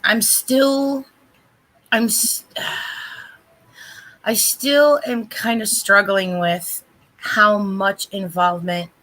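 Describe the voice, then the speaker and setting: A woman telling a story in casual chat, animated and emphatic, acting out the dialogue as she quotes it. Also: mid-range voice, drawn-out words, pauses often, rough recording.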